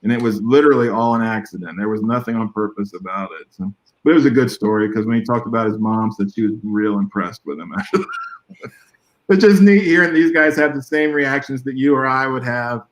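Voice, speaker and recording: A man's voice: medium pitch, a little fast, poor audio. Rambling, story-telling man on a call. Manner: rambling, animated storytelling with chuckles. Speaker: guest artist. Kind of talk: casual conversation.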